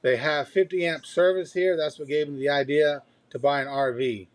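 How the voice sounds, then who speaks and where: A man's voice: a little high, steady tone, moderate pace. A man co-hosting a casual podcast over a remote connection, blunt, laid-back and joking. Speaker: pilot and podcast co-host. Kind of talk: casual chat. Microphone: phone hotspot, remote call.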